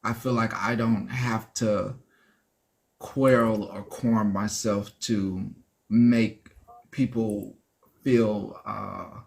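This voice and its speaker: A man hosting a casual livestream, emphatic and repetitive, sometimes dropping low and soft. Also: steady tone, very slow, vocal fry. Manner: emphatic, repeats himself, drops low and soft when reflective. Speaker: livestream host. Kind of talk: casual live-stream chat.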